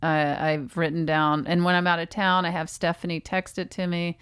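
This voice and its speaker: A middle-aged woman co-hosting a comedy podcast, chatting casually in a dry, deadpan way. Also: fairly low pitch, normal speed, clear, resonant tone, no echo. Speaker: podcast co-host.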